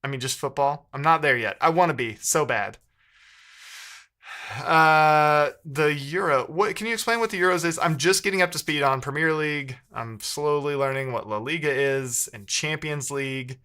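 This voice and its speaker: A man's voice: a little high, normal speed, bright, forceful tone. A man live-streaming while he codes, chatting casually with viewers and thinking aloud, often second-guessing himself mid-sentence.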